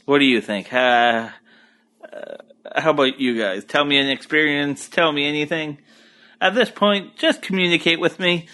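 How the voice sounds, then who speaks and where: Crude Acadian French-accented podcaster, bright tone. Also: male voice, fairly high pitch, normal speed. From Moncton, New Brunswick, eastern Canada. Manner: crude, rambling, profane and easygoing. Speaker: podcast host. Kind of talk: solo podcast monologue. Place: at home on a couch.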